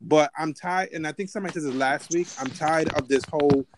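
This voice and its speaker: A man co-hosting a casual podcast, arguing with animated disbelief and cursing. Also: a little high, fairly quick. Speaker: podcast co-host. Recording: noisy call line.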